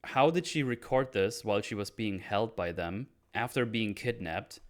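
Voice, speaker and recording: A man hosting a casual podcast, retelling film scenes in loose, animated speech with crude jokes. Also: fairly low pitch, moderate pace. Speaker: podcast host recapping a film.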